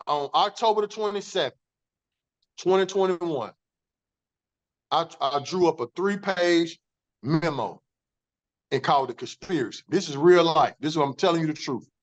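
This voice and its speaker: A man's voice: fairly high pitch, unhurried, long pauses, muffled recording. A man, a former corrections officer, telling his story in an interview, emphatic and profane, acting out the dialogue he quotes.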